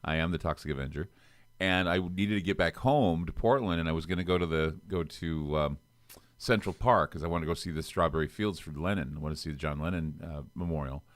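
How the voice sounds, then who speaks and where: Deep-voiced male talk show host. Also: a little fast, dry recording. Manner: storytelling, theatrical. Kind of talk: casual interview chat.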